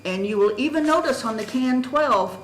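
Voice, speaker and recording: This woman's voice is high and expressive at normal speed as she presents a candidacy challenge at a county board meeting, reading from documents in methodical, emphatic, formal testimony. The county meeting room sounds echoey, and the rough recording carries slight background noise.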